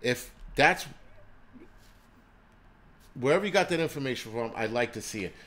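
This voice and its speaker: An animated American man with a medium-pitched, fairly bright voice hosts a livestream at normal speed. His rant is heated and loaded with curses and stammered restarts, and he takes chat comments and answers them.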